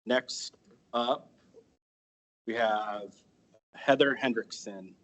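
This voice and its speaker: A man's voice: medium pitch, very slow, fairly bright tone, low-quality recording. A man chairing a school board meeting, calling the next speakers in a brief, procedural way. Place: meeting hall.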